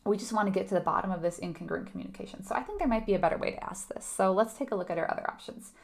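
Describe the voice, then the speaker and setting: A woman's voice: medium pitch, rapid-fire, gravelly. A woman leading a live nursing exam review lesson, talking conversationally and asking her audience questions. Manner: conversational, asks the audience questions, frequent "right?".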